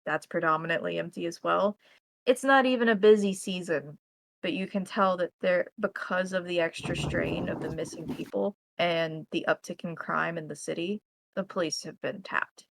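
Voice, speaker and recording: American woman game master, low gravelly voice, steady scene-setting narration. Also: normal speed, a little hiss or hum, rough recording.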